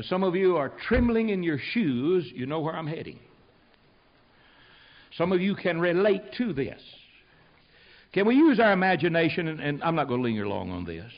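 Animated older American preacher. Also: male voice, fairly high pitch. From United States. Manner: animated, folksy, swinging from loud to hushed. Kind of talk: sermon with storytelling. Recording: dull lo-fi recording.

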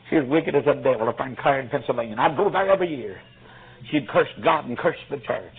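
A man's voice: mid-range voice, vocal fry, slightly rough. A male preacher telling a folksy story in a sermon, his voice swelling with emotion at times. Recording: tinny phone-like lo-fi recording.

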